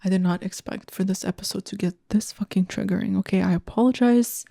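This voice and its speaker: A woman's voice: mid-range voice, fairly even intonation, brisk, gravelly, dark tone. Blunt, profane woman podcaster. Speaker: podcast host. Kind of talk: casual solo podcast rant.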